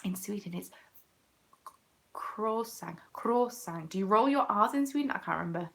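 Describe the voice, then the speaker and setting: A young English woman in casual conversation, playful and chatty, her voice sitting at an ordinary middle pitch. She drops now and then into muttered, half-whispered asides. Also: lively intonation, fast talker, creaky, fairly bright tone. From England. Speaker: crafting vlogger hosting a chat. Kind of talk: casual chat.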